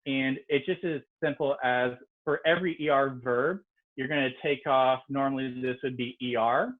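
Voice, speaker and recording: A man's voice: medium pitch, steady tone, moderate pace. A man, a native English speaker, teaching an online French lesson in a casual, explanatory way with frequent ums. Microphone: video call. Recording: tinny video-call audio.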